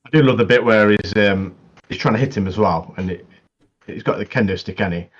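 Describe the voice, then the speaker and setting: A man's voice: lowish voice, brisk, lo-fi sound. A man casually chatting about anime as a podcast co-host, agreeable and often answering "yeah". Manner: agreeable, many "yeah"s, chuckles between points. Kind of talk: casual anime recap chat.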